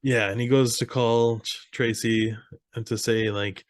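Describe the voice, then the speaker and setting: A man's voice: mid-range voice, measured pace, no echo, studio quality. A young man casually recapping a comedy film on a podcast, quoting the characters and laughing as he goes. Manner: animated retelling, quoting characters, swearing, laughing. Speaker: podcast co-host. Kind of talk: casual movie recap chat.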